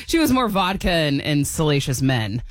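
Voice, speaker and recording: A woman in her thirties co-hosting a morning radio show, telling stories in a lively, laughing way. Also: low voice, normal speed. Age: 30s. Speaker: radio co-host.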